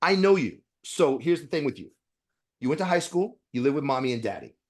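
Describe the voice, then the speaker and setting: A man who is a dentist, a guest on a podcast interview, talking bluntly with profanity and animated storytelling. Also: on the high side, brisk.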